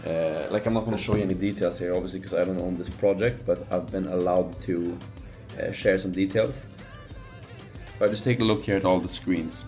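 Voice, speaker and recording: Over faint background music, a twenties-aged entrepreneur rambles through casual vlog narration full of fillers and restarts. His low voice stays steady and a little mellow, moving a little fast.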